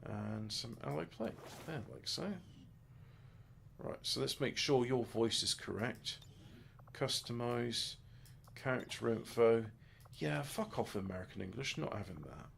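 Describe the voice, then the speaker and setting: Creaky-voiced man muttering over a game. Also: mid-range voice, unhurried, fairly bright tone, slight background noise. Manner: muttering to himself, crude offhand jokes. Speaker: gamer. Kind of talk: let's play commentary.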